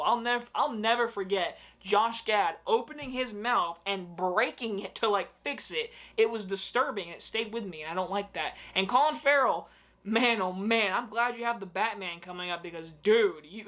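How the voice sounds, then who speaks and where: A young man with a fairly high voice delivers a casual, ranting movie review. He talks in an animated, exclamatory way and swears freely. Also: normal speed.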